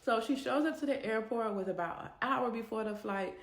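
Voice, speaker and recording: A woman narrating a storytime vlog in an animated, conversational way. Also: a little high, brisk. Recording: echoey room.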